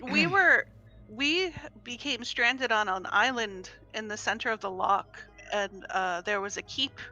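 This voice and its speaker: A woman's voice: fairly high pitch, a little slow, bright, forceful tone, dull audio, soft background music. A woman player speaking in character in a tabletop game, polite and hesitant.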